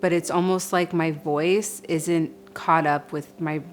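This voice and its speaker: A woman in a documentary interview, speaking slowly and reflectively with an occasional stutter. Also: deep voice, steady tone, faint music behind.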